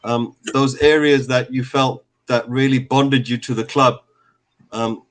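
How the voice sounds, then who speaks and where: A man hosting a casual fan call-in show, relaxed and rambling, with many fillers. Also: medium pitch, unhurried.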